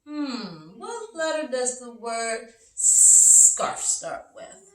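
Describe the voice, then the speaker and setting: Woman, kids' phonics teacher: high, lively, slow sing-song; mic a bit far off in an echoey room. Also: a little hiss or hum. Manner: slow, sing-song, encouraging, exaggerated letter sounds. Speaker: early-learning teacher. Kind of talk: phonics lesson for young children. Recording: roomy, from a distance.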